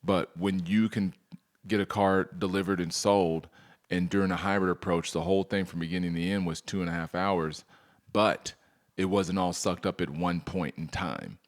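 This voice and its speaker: A man coaching salespeople in a training presentation, energetic, firing rhetorical questions at his audience and acting out customer dialogues. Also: low voice, normal speed.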